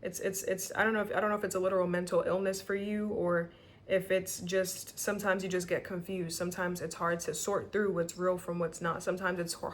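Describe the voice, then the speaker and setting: A woman's voice: fairly low pitch, slight background noise. Emotional woman tarot reader. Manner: emotional, tearful, swears freely; rambling with many restarts. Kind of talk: casual tarot reading to camera.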